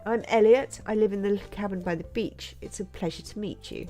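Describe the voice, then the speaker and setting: A woman's voice: mid-range voice, a little fast, dark tone, faint music behind, natural voice. A woman reading a flowery young artist villager. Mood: polite. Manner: reading on-screen dialogue aloud.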